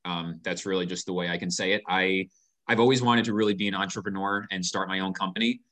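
A man's voice: low-pitched, fairly even intonation, quick pace, a bit bright. A man being interviewed as a company founder, speaking earnestly and passionately in a casual conversation, often repeating a word as he starts a sentence.

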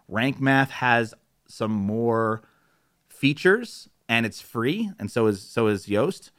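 A man's voice: medium pitch, animated, takes it slowly, a bit bright. A man presenting a web tutorial in a casual, candid way, getting exasperated and acting out the people he quotes, recorded on an isolated microphone. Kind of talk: casual explainer with rants. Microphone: isolated studio microphone.

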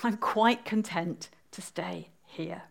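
A woman's voice: mid-range voice, expressive, moderate pace, pitched below the performer's own voice, natural voice. A woman doing a puzzled polite young girl. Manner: polite, wondering questions.

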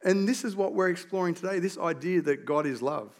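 A man with an Australian accent preaching a conversational sermon as a pastor, telling stories with lively, self-deprecating humour. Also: high-pitched, brisk.

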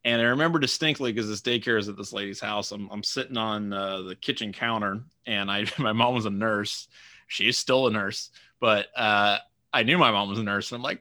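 A man's voice: lowish voice, fairly quick, bright, forceful tone, no echo, studio quality. A man co-hosting a podcast, chatting reflectively in a casual way with frequent ums. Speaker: podcast co-host. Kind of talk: casual chat.

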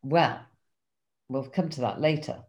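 An older woman with a low, deep voice reads from her diary in a wry, self-mocking way. She is candid and chatty. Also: unhurried, a little mellow, muffled recording. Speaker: guest recounting a diary. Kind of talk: reading diary entries and casual chat.

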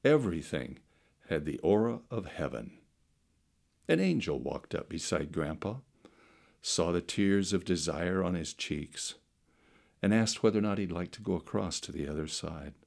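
A middle-aged man delivering a sermon as a storyteller, his voice low and gravelly. He takes his time, letting his delivery swing between loud passages and hushed ones. The pitch moves widely. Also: lively intonation. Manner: slow, dramatic storytelling with wide swings in loudness. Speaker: pastor.

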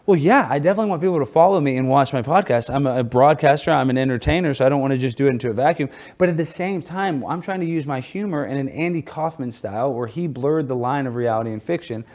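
A man as an interview guest, telling stories in an animated, joking way. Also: on the high side. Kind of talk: casual interview talk.

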